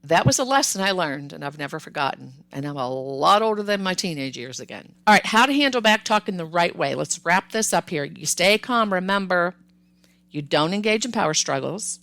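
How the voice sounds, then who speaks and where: An older woman hosting a parenting podcast, giving advice in a calm, firm, instructive way with repeated emphasis. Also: fairly low pitch, fairly quick, creaky, no echo.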